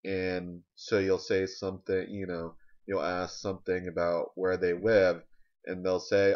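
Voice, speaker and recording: A man delivering a rambling, deadpan comic monologue with halting restarts. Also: sits low. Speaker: comedian. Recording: dull lo-fi recording.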